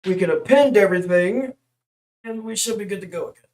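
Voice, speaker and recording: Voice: mid-range voice, lively intonation, normal speed. Playful, self-mocking live streamer. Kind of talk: casual commentary while working in 3D software.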